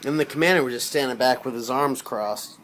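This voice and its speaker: A man telling a personal story in casual, rambling speech, swearing freely and getting loud when he quotes himself. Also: mid-range voice, a little fast. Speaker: storyteller recounting a personal experience.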